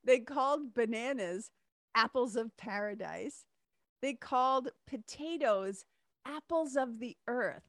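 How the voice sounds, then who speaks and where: A woman's voice: a little high, expressive, slow, dry recording, clean studio sound. A woman hosting her own podcast, talking in a chatty, enthusiastic way and laughing often. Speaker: podcast host. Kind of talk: casual solo podcast monologue.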